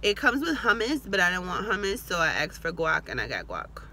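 A woman's voice: lowish voice, wildly swooping pitch, fairly quick, pushed and bright, slight background noise. A woman hosting a casual eat-with-me vlog from inside her car, still sick with the flu, chatty with joking asides. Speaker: vlogger.

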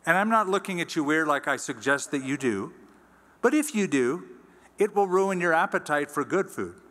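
A man preaching a sermon as pastor, teaching in a conversational way and reading scripture aloud slowly. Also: on the high side, a bit bright, in a large hall. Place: church sanctuary.

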